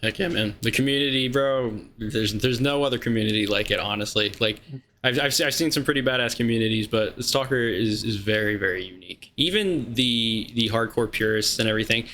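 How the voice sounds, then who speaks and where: Excitable male podcast host. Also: fairly quick, slight background noise. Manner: excitable, breaks into high-pitched shouts when thrilled. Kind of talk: casual podcast chat.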